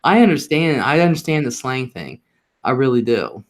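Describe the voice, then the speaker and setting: A man's voice: mid-range voice, very animated, normal speed. A man from the northern US telling stories in casual chat, laughing between lines. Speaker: host of a live talk stream.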